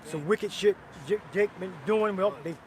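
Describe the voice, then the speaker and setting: A man's voice: high-pitched, normal speed. Blunt man preaching on a noisy street. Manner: blunt, coarse, calls on others to read. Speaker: street camp leader. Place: outdoors on a city street with traffic.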